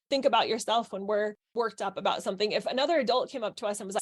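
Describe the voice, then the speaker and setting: A woman's voice: medium pitch, fast talker, few pauses. A middle-aged woman coaching parents in a live online workshop, asking the audience questions as she teaches.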